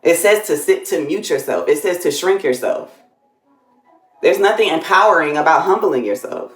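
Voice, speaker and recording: Low-voiced woman, rambling, echoey room. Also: expressive, moderate pace. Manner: reflective, loose rambling thoughts. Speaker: livestream co-host. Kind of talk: casual live-stream chat.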